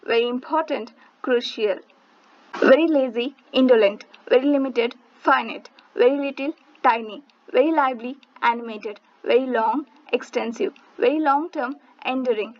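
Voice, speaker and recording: A woman reading English vocabulary lists as a teacher, in a steady, even rhythm. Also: on the high side, lo-fi sound.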